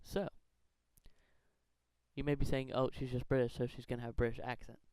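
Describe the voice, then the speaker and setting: A man's voice: medium pitch, flat delivery, brisk, a little mellow, smooth, low-quality recording. A man earnestly talking through a fan theory countdown, rambling and correcting himself as he goes. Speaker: fan theory video maker. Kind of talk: casual countdown commentary.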